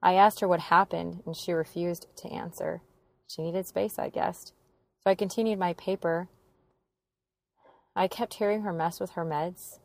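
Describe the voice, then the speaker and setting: Gravelly-voiced young woman telling a story. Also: fairly low pitch, steady tone, normal speed, dry recording. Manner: earnest, emotional retelling. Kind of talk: personal story narration.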